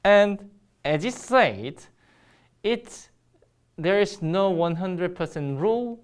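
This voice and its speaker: A woman's voice: lowish voice, expressive, slow, smooth. A woman with a Korean accent teaching a Korean grammar lesson in English, explaining step by step with frequent ums and restarts.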